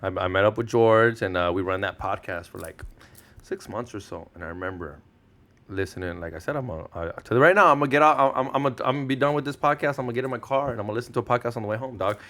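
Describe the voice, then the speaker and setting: This podcast guest is a Mexican-American man in his thirties from Southern California whose first language is Spanish. He talks rapid-fire in a fairly low voice, telling animated stories in casual, slangy chat full of swearing and acting out what people said.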